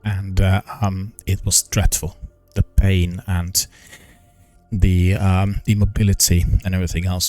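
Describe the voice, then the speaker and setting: Slow, halting older man, low voice. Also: level tone, darkish tone, soft background music. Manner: slow, halting, many ums and restarts; careful, formal enunciation. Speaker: gaming news streamer. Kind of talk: casual live-stream chat.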